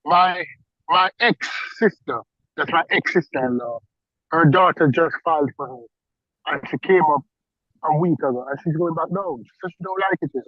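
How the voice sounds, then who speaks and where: A man's voice: on the high side, moderate pace, no echo. A man from Jamaica in casual podcast banter, repeating himself as he pushes back. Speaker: podcast co-host. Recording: dull, dry podcast recording.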